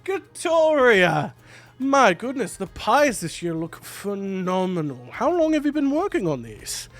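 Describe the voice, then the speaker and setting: A man puts on an effusive young festival host who gushes over everything. The voice jumps high and gravelly in a tabletop game. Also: very animated, measured pace, full character voice. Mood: gushing. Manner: gushing, high-pitched.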